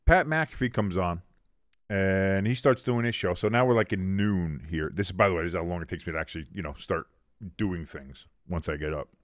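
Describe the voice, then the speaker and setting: A man's voice: low voice, fairly quick, no echo. A man hosting a sports watch-along stream, chatting casually with chat and calling the plays in a rambling way with many restarts.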